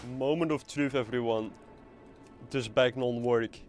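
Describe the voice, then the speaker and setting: A man's voice: medium pitch, fairly even intonation, a little slow, faint music behind. Rambling playful man streaming a game. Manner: rambling, playful, swears casually. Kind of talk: casual live game stream chat.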